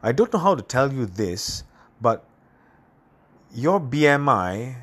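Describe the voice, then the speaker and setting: A man voicing a serious male doctor delivering blunt news in a grave, measured way. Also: medium pitch, sing-song, a bit bright, husky, heavily acted.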